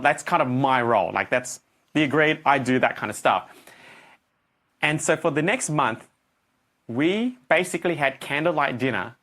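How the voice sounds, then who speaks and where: A middle-aged man coaching a group, telling a story and acting out his own reactions. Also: a little high. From Australia. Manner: animated, acts out his own reactions and voices.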